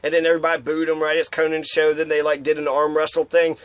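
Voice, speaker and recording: A man's voice: on the high side, completely flat delivery, quick pace, smooth, no echo. A man giving a rambling, profane monologue of opinions, now and then acting out quotes in mocking voices. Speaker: commentator.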